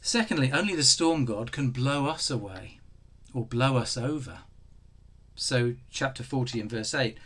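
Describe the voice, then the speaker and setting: A man preaching a sermon, animated, acting out the voices in the story. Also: medium pitch, normal speed, husky. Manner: animated, acts out voices of God and Job.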